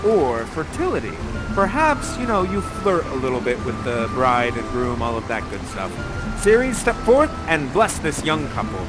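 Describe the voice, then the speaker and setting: A man hosting an interactive theater show, effusive and theatrical, moving between recited verse and cheering on his audience. His voice sits a bit high and moves freely, with music playing underneath. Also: sing-song, measured pace, rough recording.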